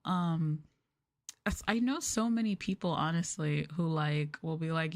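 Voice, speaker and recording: A young woman streamer chatting in a soft ASMR style, giggly and full of fillers like um and like. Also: deep voice, unhurried, dry recording. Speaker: VTuber streamer. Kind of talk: soft-spoken ASMR chat.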